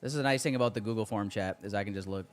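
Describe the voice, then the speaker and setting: A man's voice: on the low side, very fast, soft background music. Hyped-up male livestream host. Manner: excitable, hype banter with chat. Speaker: livestream host running giveaways. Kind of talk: casual livestream chat.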